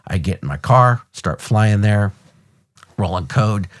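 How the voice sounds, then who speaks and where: Speaking slowly, a retired American cop in his fifties with a deep, low voice recounts a story from his police years on his podcast. He's blunt and animated, swears casually, and mimics the scene's sounds as he tells it conversationally.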